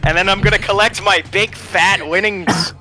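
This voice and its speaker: A man's voice: sits high, fairly even intonation, normal speed, bright, forceful tone, soft background music. A man playing a tabletop game, joking and chatting about his character's actions. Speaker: player. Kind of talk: casual tabletop play.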